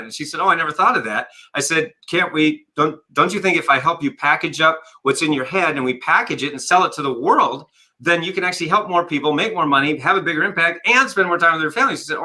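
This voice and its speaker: Guest coach, male, very bright voice, storyteller who acts out both sides of a conversation, video call. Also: fairly high pitch, low-quality recording. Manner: energetic storyteller, acts out dialogue. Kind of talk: conversational interview.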